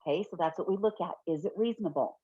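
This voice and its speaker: A middle-aged woman giving an online fair housing training from her home office, chatty and quick to laugh, often correcting herself mid-sentence. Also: fairly low pitch, dark tone, husky, dry recording. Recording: dull, lo-fi webinar audio.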